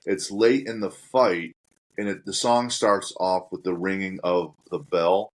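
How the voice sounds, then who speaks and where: A man's voice: low-pitched, fairly even intonation, unhurried. A man hosting a podcast, chatting casually and joking with his guest. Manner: joking, easygoing, chuckles. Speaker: podcast host. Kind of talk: casual interview chat.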